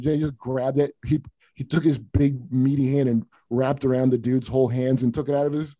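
A middle-aged man hosting a podcast spins profane, rambling stories, restarting his sentences as he goes. His voice is very dark and mellow. It sits in a mid pitch, heard dry and close with no room around it. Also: level tone, a little fast, no room sound. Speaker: comedian podcast host. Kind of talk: casual storytelling chat.

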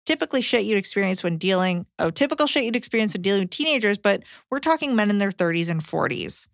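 Woman briskly reading listener letters. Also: mid-range voice, sing-song, gravelly, no room sound, clean studio sound.

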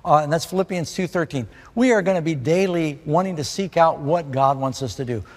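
A man from New York City gives a sermon in a chatty, questioning way. His voice sits a little higher than most men's. Long reverb trails after his words, as in a large hall. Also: brisk. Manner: conversational preaching, asks listeners questions. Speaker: preacher.

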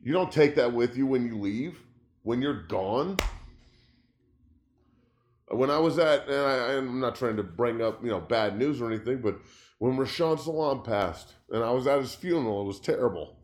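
A man's voice: medium pitch, moderate pace. A middle-aged man, a former pro football player, hosting a sports talk show from his studio, speaking with passion, swearing freely, his voice climbing when he gets worked up. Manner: impassioned, profane, voice rising when upset. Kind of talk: emotional sports talk monologue. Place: home studio.

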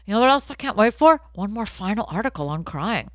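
Bright, wisecracking podcast co-host, woman from Boston, dry close sound. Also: medium pitch, a little fast, no echo. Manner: wisecracking, deadpan asides, loud laughter. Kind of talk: comedic casual chat.

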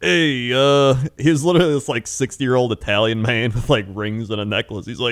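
A man's voice: medium pitch, fairly quick, hardly any pauses, fairly bright tone, dry recording, studio quality. A young man in casual podcast chat, telling rambling stories and laughing often. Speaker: podcast co-host.

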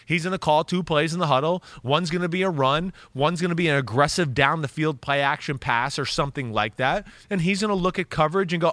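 A man talking football on a podcast, animated and blunt, swearing freely as he makes his case. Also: a little high, a little fast, few pauses, dry recording. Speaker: football analyst. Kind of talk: casual podcast talk.

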